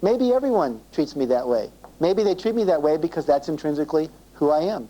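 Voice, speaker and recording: A man speaks to a seminar audience in a mellow, warm voice, stopping often to check that they follow. He acts out both sides of everyday conversations. The sound comes from an old 1980s cassette tape. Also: fairly high pitch, animated, a little fast, rough recording. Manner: acts out dialogue in quoted voices, asks the audience questions. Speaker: self-esteem seminar speaker. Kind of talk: live seminar talk to an audience.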